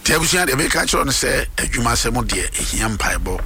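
Ghanaian guy leading prayer on morning radio, gravelly and bright, preachy and fired up. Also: medium pitch, very animated, fairly quick, a little hiss or hum. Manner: fervent preacher-like delivery, switching between Twi and English. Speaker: radio host.

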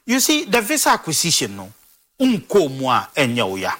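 Emphatic high-voiced man. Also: huge pitch swings, moderate pace, pushed and bright. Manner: emphatic, rebutting, interrupting. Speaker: guest. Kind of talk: heated debate.

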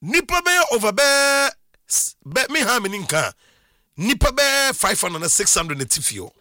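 A middle-aged man from Ghana telling his own life story in a casual, animated monologue with frequent exclamations. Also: high voice, normal speed, no echo, clean studio sound. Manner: animated, exclaiming, laughs often.

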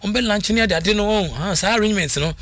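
A man with a Ghanaian accent presenting football talk on radio, animated, switching between languages. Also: sits high, fast talker, dry recording. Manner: animated, mixing languages, frequent laughs. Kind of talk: radio sports commentary.

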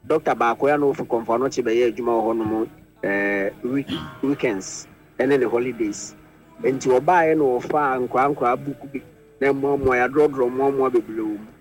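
A man's voice: medium pitch, normal speed. A Ghanaian man telling a childhood story in a casual chat, quoting the dialogue. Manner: recounts a childhood memory with quoted dialogue. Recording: faint music underneath.

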